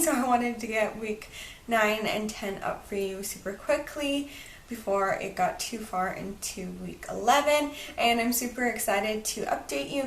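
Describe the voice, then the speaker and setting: A woman's voice: on the high side, a bit bright, distant mic. A woman in her twenties chatting in a bubbly, upbeat way for a casual home vlog update. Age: 20s. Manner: bubbly and chatty, heavy use of "super duper". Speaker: vlogger. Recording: roomy, away from the mic.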